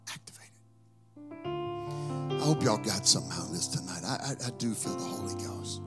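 A male pastor preaching a sermon, chanting scripture in a sing-song rhythm that rises to shouting. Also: on the low side, lively intonation, quick pace, over loud music.

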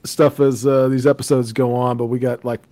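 A man co-hosts a podcast in relaxed, chatty talk, quick to laugh. His voice sits at an ordinary middle pitch. It is recorded close on a dry mic with no room sound. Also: no echo. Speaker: podcast co-host. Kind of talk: casual podcast chat.

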